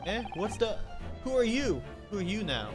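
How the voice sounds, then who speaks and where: A man's voice: sits high, very animated, moderate pace, music in the background, pitched above the performer's own voice. A man voicing a short-tempered older male local, blustering and indignant.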